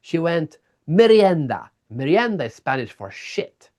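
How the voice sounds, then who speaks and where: A man guest in a casual interview, telling stories in an animated way and acting out people's reactions. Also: fairly high pitch, normal speed. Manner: animated storyteller, acts out reactions. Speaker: guest, keynote speaker and author.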